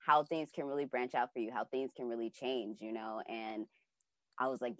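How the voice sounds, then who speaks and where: A woman's voice: very deep voice, steady tone, moderate pace, fairly bright tone, dry recording. A young adult woman telling a personal story casually and with animation, acting out her own reactions and using many fillers. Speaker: class participant sharing a dream.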